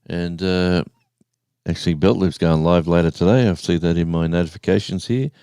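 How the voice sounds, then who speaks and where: A man in his sixties, hosting a casual live stream, rambling and halting as he reads out the viewers' chat. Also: deep voice, fairly even intonation, dark tone, smooth, no room sound, studio quality. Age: 60s. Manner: rambling, halting, with many restarts and fillers.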